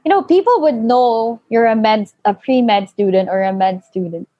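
Young woman, fairly high voice, chatty storytelling, lots of fillers, dull lo-fi sound, dry. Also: normal speed, no room sound. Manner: chatty, many fillers, animated quoting. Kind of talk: casual personal storytelling.

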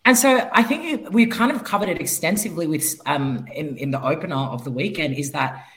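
A woman guesting on a rugby podcast as a pundit, animated and opinionated. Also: sits low, fairly quick, low-quality recording. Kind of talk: casual podcast chat.

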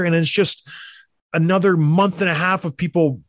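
A young adult man hosting a sports talk show, emphatic and animated, with mocking asides. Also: high voice, moderate pace, dry recording, clean studio sound. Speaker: sports podcast host. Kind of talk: opinionated hockey talk.

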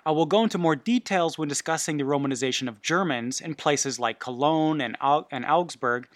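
A man's voice: a little high, a little fast, no room sound. A man hosting a history podcast, reading notes in an informal way with asides and self-corrections. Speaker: podcast host.

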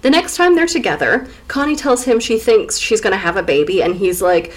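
A woman's voice: mid-range voice, animated, a little fast, hardly any pauses. A woman co-hosting a podcast, sarcastically recapping a novel in casual chat and laughing often. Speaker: podcast co-host.

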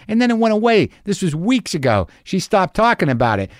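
A man's voice: sits high, very animated, brisk, no echo, clean studio sound. A middle-aged man hosting a podcast, telling a rambling, profane, self-mocking story in a casual monologue. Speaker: podcast host.

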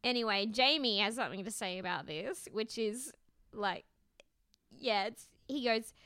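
Bright chatty woman. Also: fairly high pitch, animated, a little slow, clear, resonant tone. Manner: chatty, lots of fillers, swears, laughs often. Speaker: podcast co-host. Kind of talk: casual chat recapping a reality TV show.

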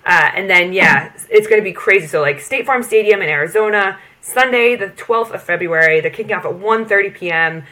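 A woman's voice: medium pitch, brisk, hardly any pauses, pushed and bright. An American woman, a football player and podcast guest, explaining the sport in an enthusiastic, easy way. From United States. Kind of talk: casual interview chat.

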